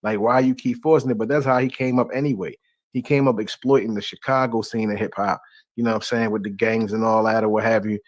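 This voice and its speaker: A man's voice: fairly low pitch, fairly even intonation, quick pace, no echo. Laid-back man hosting a live stream. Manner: laid-back, loose and rambling. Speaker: host. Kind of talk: casual live-stream talk.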